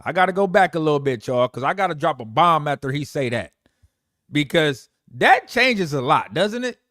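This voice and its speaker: A man hosting a live stream, commenting on a played clip, animated and joking, talking to viewers as y'all and folks. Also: a little high, normal speed, no echo, studio quality. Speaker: livestream host.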